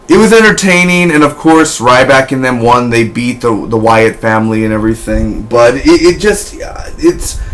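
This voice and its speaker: A man's voice: animated, a little slow. Give me a young man casually reviewing wrestling matches, rambling and restarting his sentences. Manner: rambling, restarts often, bursts into loud high woo shouts.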